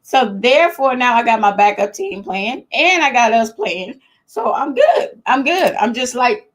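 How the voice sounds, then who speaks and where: A woman hosting a casual live chat from home, chatty and excitable, laughing often and talking straight to her viewers. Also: fairly high pitch, unhurried. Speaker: host of a live chat show.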